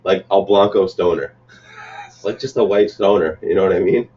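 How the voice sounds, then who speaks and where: A man's voice: low voice, warm tone, recorded from a distance, a little hiss or hum. A man chatting casually as a podcast host, tipsy, telling profane joking stories. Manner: fast, joking, profane storyteller. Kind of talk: casual chat. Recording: dull sound from off mic.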